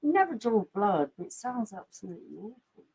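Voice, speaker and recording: Woman chatting next to her partner on a home stream, husky voice, laid back and dry. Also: medium pitch, sing-song, a little fast, mellow, poor audio. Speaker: co-host. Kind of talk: casual live-stream chat. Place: home sitting room.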